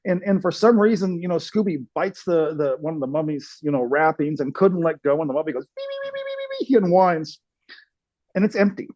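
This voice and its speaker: A man's voice: fairly high pitch, a little fast, a little mellow, no room sound. A man hosting a casual chat, talking enthusiastically and laughing often. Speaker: host. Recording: dull dry sound.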